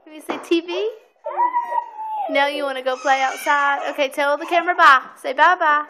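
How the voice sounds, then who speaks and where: With a phone camera in hand, a woman patiently prompts a toddler at home to repeat words, using a sing-song delivery and plenty of praise. She speaks at normal speed in a high, pushed, bright voice, with slight background noise.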